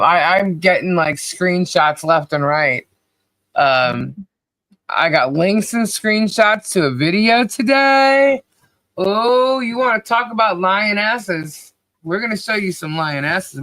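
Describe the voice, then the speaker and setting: Livestream co-host, cheerful and chatty, slow and easy delivery, dry close sound. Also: mid-range voice, sharp tone, dry recording. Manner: cheerful, laughs often, calls out names. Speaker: podcast co-host. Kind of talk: casual livestream chat, greeting viewers.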